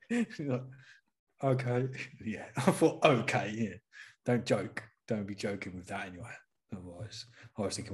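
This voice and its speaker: A man's voice: lowish voice, normal speed. A man in casual chat, chiming in with dry, joking remarks and telling his own story.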